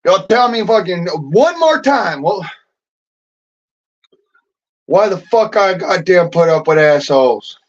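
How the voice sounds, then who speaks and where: A man on a bitter, profanity-laden rant, his voice sitting high for a man. He drags his words out slowly and keeps cursing as he airs his grievances. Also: expressive, muffled recording. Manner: bitter, cursing constantly, swings into hoarse yelling. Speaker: vlogger.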